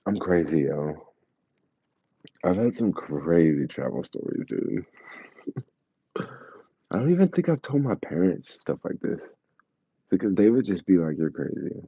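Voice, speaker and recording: A man casually telling his travel stories to a live chat, slangy and animated, acting out the people he quotes. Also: deep voice, measured pace, long pauses, husky, dry recording, lo-fi sound. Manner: animated, acts out quoted voices, laughs, slangy.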